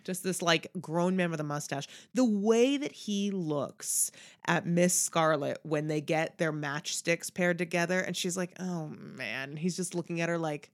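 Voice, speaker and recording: Lower-voiced woman chatting about a film. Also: moderate pace. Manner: animated, playfully imitates voices. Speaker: podcast co-host. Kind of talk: casual chat about a film.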